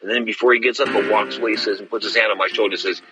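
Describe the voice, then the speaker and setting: A middle-aged man hosting a boxing radio show tells a story in animated radio talk, stressing his points and calling listeners folks. His lowish voice stays steady yet rapid-fire, heard over music on a rough recording.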